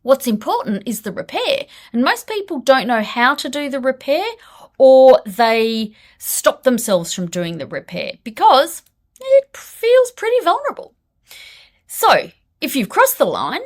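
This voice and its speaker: A woman's voice: sits high, unhurried. A woman counsellor giving direct, blunt relationship advice in a podcast monologue. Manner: direct, blunt, lively delivery.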